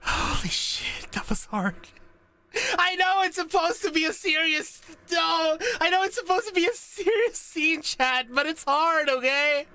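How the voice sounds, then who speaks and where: A woman's voice: very high voice, lively intonation, unhurried, sharp tone. A young adult woman streaming as a VTuber, reacting casually and giggling often, with plenty of swearing.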